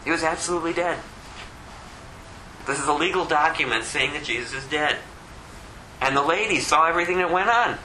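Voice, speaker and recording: Male preacher, high and very bright tone, emphatic, repeats rhetorical questions to press each point. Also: brisk, long pauses, echoey room, a little hiss or hum, poor audio. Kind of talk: sermon.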